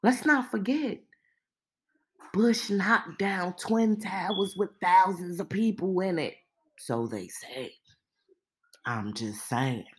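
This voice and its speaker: A woman hosting a podcast, giving a sassy, emphatic opinion monologue full of rhetorical questions and casual slang. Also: on the low side. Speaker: podcast host.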